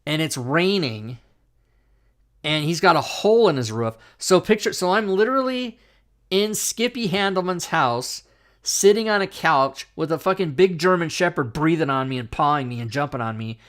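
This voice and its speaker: A man's voice: a little high, normal speed. Middle-aged man telling a profane story. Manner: animated, profane anecdote-telling with fillers. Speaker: talk show host. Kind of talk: casual storytelling chat.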